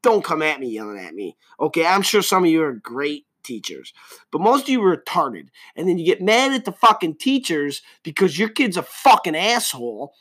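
A man hosting a podcast, ranting angrily and profanely, swinging between loud outbursts and low mutters. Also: sing-song, moderate pace, husky. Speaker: podcast host.

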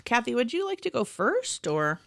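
A woman's voice: on the high side, wildly swooping pitch, moderate pace, creaky, dry recording. A woman hosting a casual podcast, leading the segments and laughing often. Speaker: podcast co-host. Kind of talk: casual chat.

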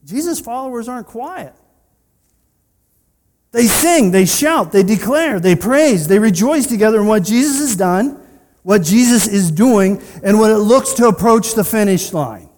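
High-voiced man preaching in a reverberant hall. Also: lively intonation, unhurried, a little mellow. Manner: conversational, with personal asides and rhetorical questions. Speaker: pastor. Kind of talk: sermon. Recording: long reverb of a large hall.

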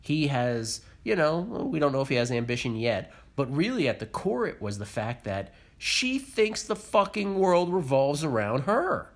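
A man's voice: on the high side, big pitch swings, normal speed, hardly any pauses. A man co-hosting a podcast, giving his blunt, opinionated take on a reality show with swearing and mocking impressions. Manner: opinionated, swears, mimics people. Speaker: podcast co-host. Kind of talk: casual reality-TV recap chat.

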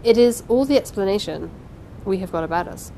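A woman voicing a polite little foreign gentleman. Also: mid-range voice, expressive, fairly quick, gravelly, slight background noise. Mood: polite firm. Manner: exaggeratedly polite, dignified. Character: small polite older foreign man. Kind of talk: audiobook reading.

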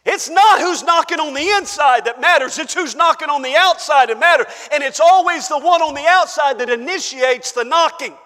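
A very high, bright-toned man preaches in a church, his voice ringing with a long hall reverb. He pushes to fervent shouted peaks, then sinks to hushed asides, calling out to his congregation as he goes. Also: moderate pace, hardly any pauses. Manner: calls out to the congregation. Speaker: pastor. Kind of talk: sermon.

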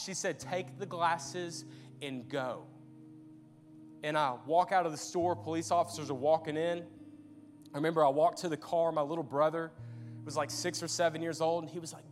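A young man preaching a sermon, telling his own story earnestly, often restarting his words. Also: fairly high pitch. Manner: earnest storytelling, repeats and restarts when emotional. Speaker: pastor. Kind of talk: sermon with personal testimony. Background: faint guitar music.

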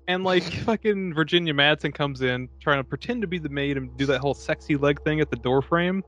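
Profane, animated man recapping a movie. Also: on the high side, fairly quick, hardly any pauses, dry recording, highs cut off. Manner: animated, profane, acts out quotes from the film. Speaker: podcast co-host. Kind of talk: casual movie-review chat.

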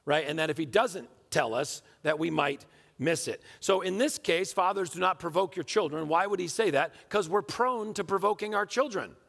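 A middle-aged man preaching a sermon as pastor, an animated storyteller who acts out scenes with his family. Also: high-pitched, moderate pace, creaky. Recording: long reverb of a large hall.

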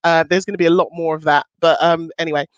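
A woman's voice: fairly even intonation, fast talker, no room sound, highs cut off. A woman in her thirties, a business coach hosting a casual weekly livestream, talking chattily and upbeat to her viewers. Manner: chatty and upbeat, swoops up in pitch for emphasis.

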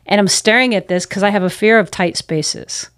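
A woman's voice: mid-range voice, moderate pace, no echo, studio quality. A missionary pastor, a woman, earnestly telling personal stories in an interview. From United States. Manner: earnest, reflective, acts out her own past self-talk.

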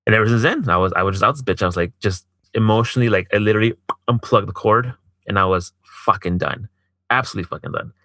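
A man with a fairly low voice tells a personal story in casual chat, talking fast in a pushed, bright tone with no echo. He swears a lot, peppers his speech with "like," and acts out what other people said.

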